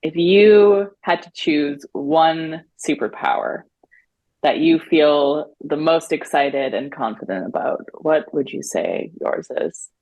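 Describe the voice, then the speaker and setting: A woman hosts an easy interview with a deep, breathy voice. Her pitch moves a lot, and she laughs often between questions. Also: expressive, slow pace, a little mellow, muffled recording. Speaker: podcast host. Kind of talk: casual interview chat.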